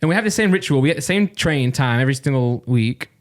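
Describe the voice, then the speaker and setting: A man's voice: mid-range voice, expressive, fast talker. A young man with a Nottingham accent, telling a rambling story on a casual podcast and laughing his way through it. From Nottingham, England. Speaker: podcast co-host.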